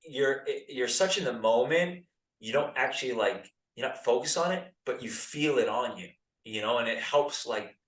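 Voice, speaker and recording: A man's voice: mid-range voice, recorded from a distance. Laid-back American man telling stories in a roomy space. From United States. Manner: laid-back, lots of "like" and "dude". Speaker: podcast guest, former pro soccer player. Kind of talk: casual podcast storytelling. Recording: roomy, set back from the mic.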